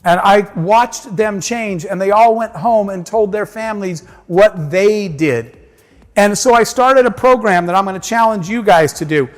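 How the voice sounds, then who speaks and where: A man's voice: sits high, unhurried, soft background music. A man giving a keynote speech to a conference audience, telling a personal story and acting out the dialogue. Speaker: keynote speaker. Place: large conference hall. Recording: long hall reverb.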